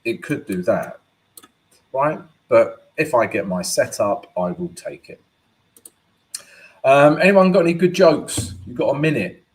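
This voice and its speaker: A man's voice: medium pitch, animated, unhurried, rough recording. Chatty man hosting a trading stream. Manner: chatty and upbeat, greets viewers by name; thinks aloud with fillers and tag questions. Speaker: live-stream trading host. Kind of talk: casual live-stream market commentary.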